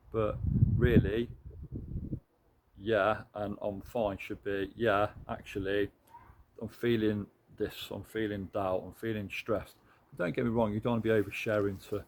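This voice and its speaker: A British man speaks in a somewhat low voice, talking earnestly and reflectively as he encourages his viewers. It is a candid motivational monologue, with a faint hum of ambience behind him. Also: darkish tone. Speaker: motivational vlogger.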